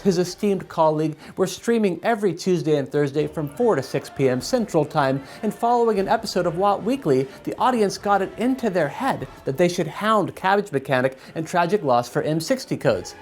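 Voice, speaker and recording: A man's voice: on the high side, lively intonation, brisk, soft background music. Male host, 30s, playful storybook-style delivery of scripted segments. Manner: playful, mock-fairy-tale delivery.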